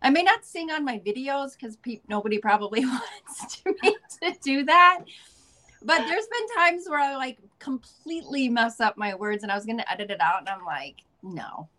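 A woman from the Midwestern US speaks as a guest in a casual interview. She is playful and upbeat, often laughing. Her voice sits a little high. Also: expressive, pushed and bright. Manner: goofy, upbeat, talks in quick bursts with laughs.

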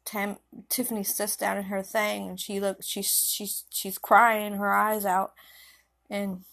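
A woman's voice: medium pitch, little pitch movement, creaky, a bit bright. Woman telling a rambling story. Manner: rambling, halting, with restarts. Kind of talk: improvised spoken story.

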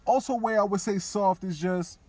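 Brief: male podcaster, slightly high voice, dry close mic, frank conversational riffing. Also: moderate pace, no echo. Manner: candid, conversational, acts out other voices quietly. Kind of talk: casual opinion talk.

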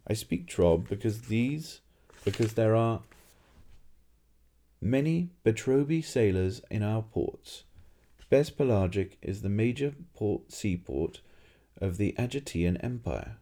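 A man voicing a naive, courteous male tourist who speaks formally and eagerly, a little higher than his own voice. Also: animated, takes it slowly, dark tone, heavily acted. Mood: earnest.

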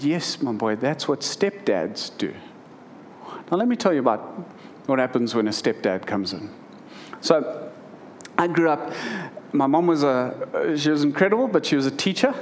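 A man's voice: mid-range voice, lively intonation, normal speed, a little hiss or hum. A man in his thirties preaching a sermon, reading scripture and then telling a personal story earnestly, with emotion and frequent restarts. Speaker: pastor.

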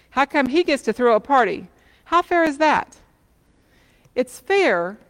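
A woman's voice: mid-range voice, long reverb tail. A woman preacher telling a parable in a sermon, with many questions to the listeners.

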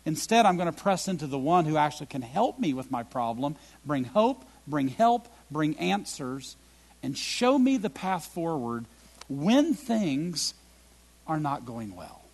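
A middle-aged man delivering a sermon as a pastor, his voice husky and slightly higher than most men's. He moves in big swings between loud emphatic bursts and quiet, low reflective lines, with a gravelly edge throughout. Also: big pitch swings, unhurried.

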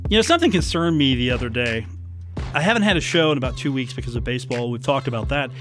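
A man hosting a sports talk radio show, chatty and joking with quick asides. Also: on the high side, fairly bright tone. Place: radio studio.

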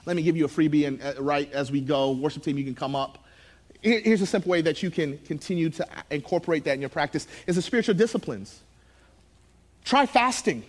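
Animated high-voiced male pastor preaching. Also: a little fast. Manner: animated, swings from hushed to loud and excited, laughs at himself. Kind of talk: sermon. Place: church.

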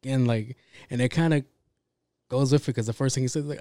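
A man with a warm, mellow voice hosts a casual podcast, wandering off-topic with a loose, profane ramble. He keeps stopping and restarting his thoughts, and the recording is dry and close with no room sound. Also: medium pitch, fairly even intonation, brisk, no room sound. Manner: rambling, profane, self-interrupting. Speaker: podcast host. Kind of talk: casual monologue.

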